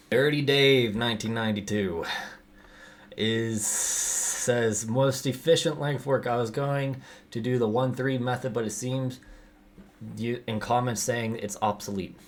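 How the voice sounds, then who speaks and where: A man hosting a casual Q&A, answering viewer questions in a loose, conversational way, his voice raspy and a little out of breath. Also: on the low side. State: raspy, out of breath after gym. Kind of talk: casual Q&A monologue.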